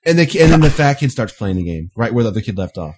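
A man's voice: mid-range voice, big pitch swings, racing, noisy background. A man co-hosting a casual podcast chat, laying out long what-if scenarios and laughing often. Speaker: podcast co-host.

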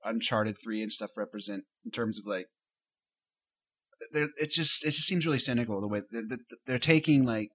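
A man's voice: medium pitch, fairly bright tone. A man co-hosting a casual gaming podcast over a cheap instrument mic, restarting sentences as he hunts for words. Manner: hesitant, searching for words. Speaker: podcast co-host. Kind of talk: casual chat.

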